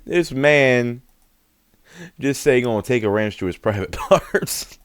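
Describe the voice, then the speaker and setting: A man's voice: mid-range voice, expressive, a little slow. A man hosting a reaction video, exclaiming and swearing freely as he muses aloud in casual commentary.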